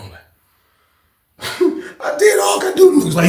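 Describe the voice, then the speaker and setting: A man in his thirties telling a prison story in a loose, profane, animated way, acting out the other people's shouts as he goes. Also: a little high, fairly quick, creaky, roomy sound, a crowd in the background. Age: 30s. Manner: animated, swearing, acts out shouts and screams of others. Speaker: storyteller host.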